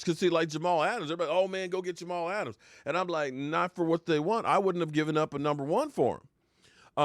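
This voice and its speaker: Rambling through a casual football live stream, a sports talk host with a voice on the high side reads and answers viewers' comments, now and then acting out mock heartbreak. The audio is clean studio sound without echo.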